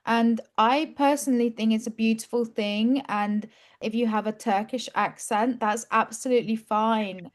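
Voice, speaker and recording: A woman's voice: a little high, fairly even intonation, normal speed. A woman English teacher hosting an interview, asking questions and encouraging her guest emphatically. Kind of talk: casual interview.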